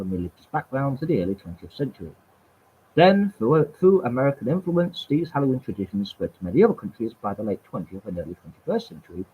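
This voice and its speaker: A channel host with a mid-range, husky voice reads aloud from webpages, his intonation lively and up-and-down. He stumbles over words, repeats himself, and slips in wry asides between passages. The audio is thin and tinny, like a phone line.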